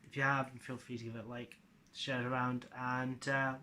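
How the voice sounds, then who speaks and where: Bright-voiced man rambling in an echoey room. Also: medium pitch, level tone, normal speed. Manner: loose, offhand, with fillers and casual swearing. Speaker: video creator summarizing his series adaptation. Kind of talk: casual rambling explanation.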